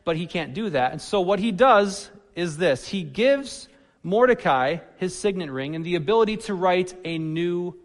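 A man preaching a sermon, animated, swinging between loud emphasis and soft asides. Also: high-pitched, long reverb tail. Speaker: pastor.

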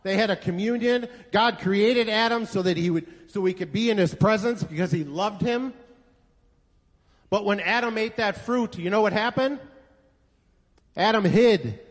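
A man's voice: high-pitched, normal speed. A male pastor preaching a sermon to a congregation, telling a story and asking rhetorical questions with emphasis. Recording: echoey hall reverb.

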